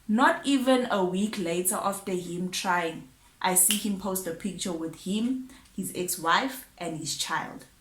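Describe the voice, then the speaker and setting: A woman's voice: on the low side, unhurried, noisy background. A woman chattily retelling a dramatic personal story, often correcting herself. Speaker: vlogger. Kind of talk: casual storytime. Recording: roomy echo.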